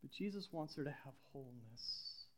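A middle-aged pastor preaches a sermon conversationally, repeating phrases and putting questions to the congregation. His voice is medium-pitched and fairly bright, expressive, at a moderate pace.

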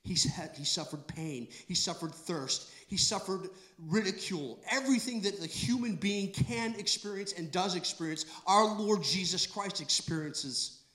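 Guy preaching a sermon, kinda high voice, goes quiet then loud, lots of echo. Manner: emphatic, repetitive, swings from soft to loud. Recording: echoey room.

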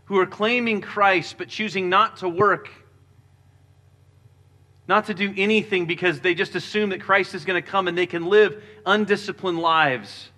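A pastor delivers an earnest sermon in a bright, forceful voice pitched slightly high, speaking at a normal speed with fairly even intonation. When he reads scripture, he drops lower and softer.

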